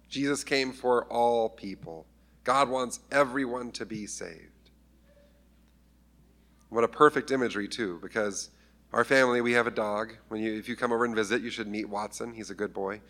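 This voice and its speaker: A man's voice: fairly low pitch, moderate pace, a bit bright. A man preaching a conversational sermon, acting out scripture voices with humor. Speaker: pastor.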